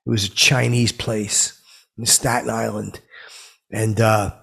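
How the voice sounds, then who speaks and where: Guy putting on a grumpy middle-aged dude, super gravelly, rambles on all offended. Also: lowish voice, little pitch movement, slow, fairly bright tone, heavily acted. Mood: indignant. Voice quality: gravelly, husky. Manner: rambling, indignant, self-serious storytelling. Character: touchy self-important middle-aged man, easily offended. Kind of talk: comic character monologue.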